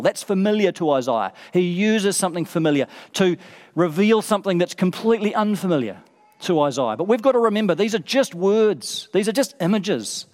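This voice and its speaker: A man preaching a sermon, emphatic and building through repeated phrases. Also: high voice. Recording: long reverb of a large hall.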